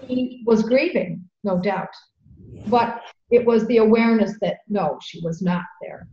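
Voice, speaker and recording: A woman's voice: mid-range voice, unhurried. Earnest woman host in a roomy, dull-sounding space. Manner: earnest, animated storytelling with repeated phrases. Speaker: podcast host. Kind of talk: conversational storytelling.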